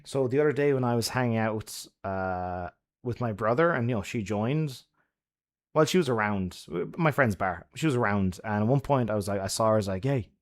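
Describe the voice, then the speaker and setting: A man's voice: fairly low pitch, animated, a little fast. A man giving friendly advice to his chat on a casual live stream, laughing often and swearing freely.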